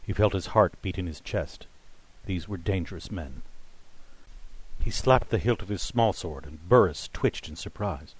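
Man narrating an audiobook, lowish voice, dry close sound, steady. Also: unhurried, slightly rough, no room sound. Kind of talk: scripted narration.

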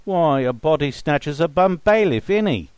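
A man voicing a rough, boisterous grave-robber henchman who talks in slang. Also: medium pitch, big pitch swings, normal speed, no room sound, voice pushed up, lightly acted. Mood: mocking.

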